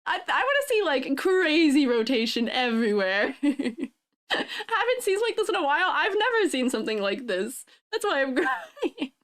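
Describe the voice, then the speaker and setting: Very high-voiced woman crying happy tears. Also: very animated, normal speed, fairly bright tone. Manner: laughing through happy tears, thanking viewers. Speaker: streamer. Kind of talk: casual live-stream chat.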